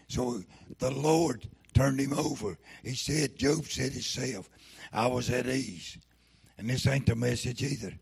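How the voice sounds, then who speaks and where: Man, preacher, unhurried, gravelly, slightly husky, fervent interjections. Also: mid-range voice. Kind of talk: sermon.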